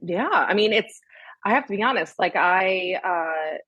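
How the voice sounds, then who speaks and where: A woman in her thirties, a guest on a casual podcast, with a husky voice recorded dry and close. She talks bluntly and animatedly and swears without a second thought. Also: mid-range voice, expressive, a little slow, a bit bright, dry recording, dull audio.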